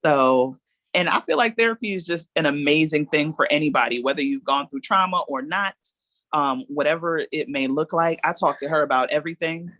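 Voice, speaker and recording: A woman's voice: low voice, fairly quick, a bit bright, no room sound. Earnest woman guest, dry close sound. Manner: earnest, speaks in long run-on reflections. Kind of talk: candid personal storytelling.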